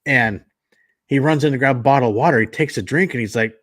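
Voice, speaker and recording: A man's voice: mid-range voice, fast, a bit bright. A man in his forties hosting a casual podcast chat, laid-back and swearing now and then as he tells stories. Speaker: podcast host.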